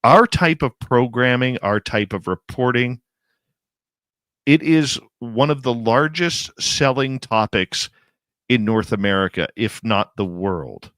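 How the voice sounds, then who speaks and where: A man's voice: mid-range voice, expressive, slow pace, a bit bright, no echo. Emphatic male radio host, dry sound. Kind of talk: casual radio interview chat.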